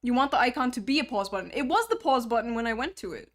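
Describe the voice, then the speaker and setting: High-voiced young woman streamer joking around. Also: lively intonation, fast. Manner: joking, rambling, self-mocking. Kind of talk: casual live-stream chat.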